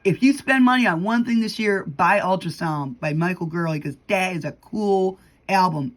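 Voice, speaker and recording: A woman's voice: fairly low pitch, normal speed. A middle-aged woman vlogging in a heated, casual storytelling rant, acting out what people said to her. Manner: heated, storytelling, acts out quotes.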